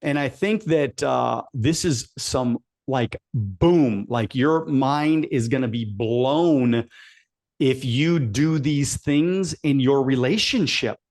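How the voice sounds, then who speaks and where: A man's voice: mid-range voice, slow, darkish tone. A man in his forties hosting a podcast, reacting enthusiastically and emphatically to his guest. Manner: enthusiastic, emphatic, casual swearing. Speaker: podcast host. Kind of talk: casual interview chat.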